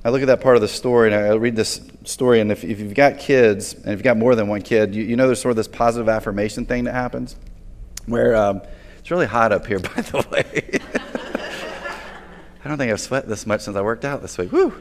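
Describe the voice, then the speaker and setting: Pastor preaching casually in a reverberant hall. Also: male voice, on the low side, steady tone, fast. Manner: casual and conversational, repeats words when restarting. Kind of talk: sermon.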